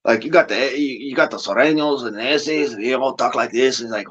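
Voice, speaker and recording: A man with a mix of Southern country and Los Angeles accent, talking in a rambling, animated casual chat. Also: medium pitch, fairly quick, hardly any pauses, a little hiss or hum. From California, with Southern family. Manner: rambling, animated, puts on voices to imitate others. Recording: lo-fi audio.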